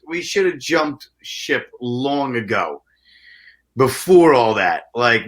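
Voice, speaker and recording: Sex: man. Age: 30s. Role: musician guest. Style: casual storytelling interview. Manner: animated, profane, stammering restarts. Timbre: bright. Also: medium pitch.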